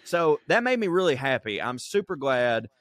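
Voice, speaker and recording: A man's voice: mid-range voice, big pitch swings, moderate pace, a bit bright, dry recording. A man co-hosting a casual podcast, swearing freely and laughing as he reads out quotes. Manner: crude, laughing storyteller reading quotes aloud. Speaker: podcast co-host.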